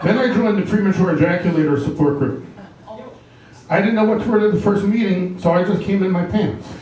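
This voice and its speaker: Deadpan stand-up comic in echoey club. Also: male voice, sits high, fairly quick, recorded from a distance, noisy background. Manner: deadpan one-liners with pun punchlines. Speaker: stand-up comedian. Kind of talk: stand-up comedy set. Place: live comedy club with audience. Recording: echoey club room, mic heard from afar.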